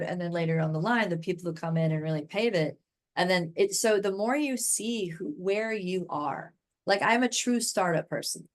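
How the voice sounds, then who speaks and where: An enthusiastic American woman talks on a podcast as a guest expert. Her voice sits fairly low. She rambles in long, casual runs and keeps checking in with "right?". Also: moderate pace. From United States. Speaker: guest expert in human design.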